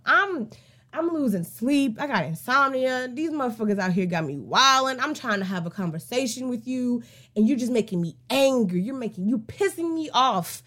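A woman's voice: on the high side, expressive, a bit bright. Fired-up woman breaking down a song. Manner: emphatic and profane, swinging between heated rants and slow drawn-out musing. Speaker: podcast host. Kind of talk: casual song breakdown commentary.

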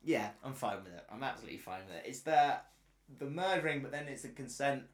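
A man hosting a casual podcast chat, rambling and emphatic, getting loud on his key points. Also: mid-range voice, expressive, quick pace. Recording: roomy echo.

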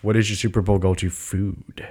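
A man co-hosting a podcast in casual chat, quick and teasing, swearing casually. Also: low voice, flat delivery, dark tone, husky. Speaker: podcast co-host.

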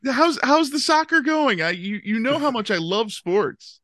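A man's voice: extremely high pitch, sing-song, unhurried, bright, forceful tone, no room sound, clean studio sound. A man hosting a podcast in casual comedic chat, friendly and playful, stammering at times. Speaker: podcast host.

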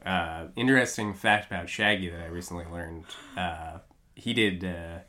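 A man's voice: low-pitched, normal speed, pushed and bright. A man co-hosting a movie podcast, chatting casually with many fillers and frequent agreement. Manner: laid-back, lots of "yeah" and "uh" fillers. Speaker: podcast co-host.

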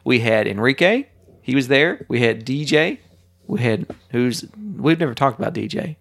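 A man's voice: mid-range voice, animated, moderate pace, vocal fry, fairly bright tone. A man co-hosting a podcast, chatting casually and rambling through jokes with frequent laughter. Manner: joking, rambling, often laughing. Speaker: podcast co-host. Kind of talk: casual chat.

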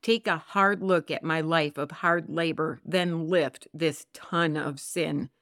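A woman co-hosting a Christian podcast, talking earnestly and reading scripture slowly and expressively. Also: low voice, fairly even intonation, fairly bright tone, no echo, studio quality. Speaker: podcast co-host.

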